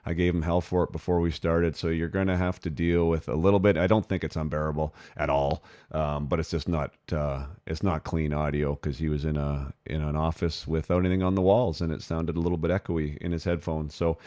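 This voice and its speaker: Low-voiced guy hosting a hockey podcast, chatty, lots of restarts, dry mic. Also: little pitch movement, a little fast, hardly any pauses, warm tone, dry recording. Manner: rambling, informal, with many restarts. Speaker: podcast host. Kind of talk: casual podcast interview.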